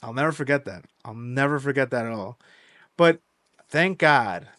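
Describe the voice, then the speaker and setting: A young man hosting a podcast, telling a story in a casual, animated way, swearing freely. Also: mid-range voice, moderate pace, no echo, clean studio sound. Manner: animated, swears freely, acts out quoted voices. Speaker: podcast host.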